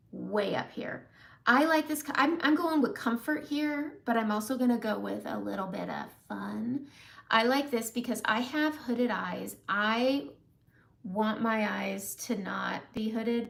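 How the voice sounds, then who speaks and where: A woman's voice: fairly high pitch, creaky. A woman hosting a casual live makeup demonstration, chatting with viewers as she applies eyeshadow. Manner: chatty, greets viewers while applying makeup. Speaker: makeup livestream host.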